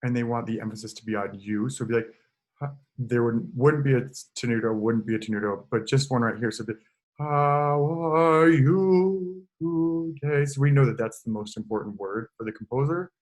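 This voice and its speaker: Talking fast in a mid-range voice, this choir director runs a laid-back online choral lesson full of explanation. He occasionally sings brief examples into the computer mic.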